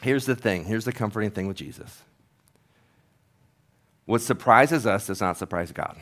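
A man's voice: fairly low pitch, normal speed, fairly bright tone. A man who is a pastor, preaching a sermon in an earnest, conversational, storytelling manner.

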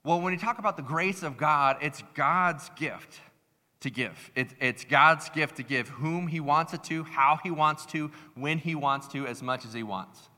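A man delivers a sermon with a bright, forceful voice that carries. The sound rings with the long reverb of a large hall. He talks in a lively, conversational way and slips into other people's voices when telling a story. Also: on the high side, a little slow. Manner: animated, acts out voices in stories. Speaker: pastor.

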